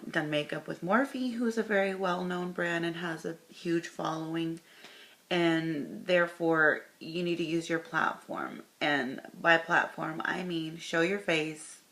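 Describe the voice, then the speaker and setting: A woman with a low voice and a gravelly, fry-heavy edge, talking casually to camera. She pauses and corrects herself as she goes, then reads posts out loud in a commentary vlog. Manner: talks straight to camera, stops herself and corrects course. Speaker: commentary vlogger. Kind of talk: casual commentary, reading tweets aloud.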